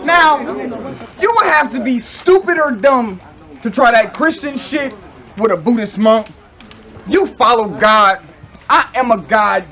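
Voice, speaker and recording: Very high-voiced mocking battle rapper man. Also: lively intonation, a little slow, long pauses, sharp tone. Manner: mocking, boastful. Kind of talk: live battle rap performance.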